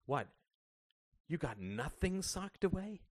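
A man reading the part of a young adult son, a bass player, guarded and quick to curse. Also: very animated, dry recording, studio quality. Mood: angry. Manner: guarded, then cursing.

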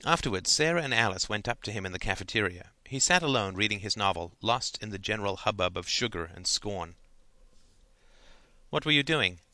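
A man narrating a novel aloud in a measured, dryly humorous way. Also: lowish voice, sharp tone, no room sound. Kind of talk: audiobook narration.

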